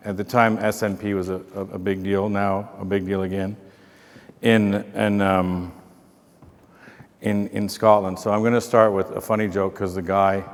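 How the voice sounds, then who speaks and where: A man gives a keynote lecture in a loose, self-mocking manner and often pauses with fillers. His voice sits fairly low. A long reverb trails his words in the large hall. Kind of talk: informal speech with anecdotes.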